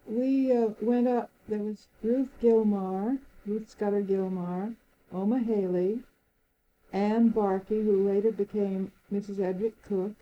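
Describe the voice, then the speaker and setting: A woman's voice: medium pitch, muffled recording. An older woman recalling old times in an interview, telling her story with frequent laughter. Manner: lively storyteller, laughs often, acts out quoted speech. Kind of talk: oral history reminiscence.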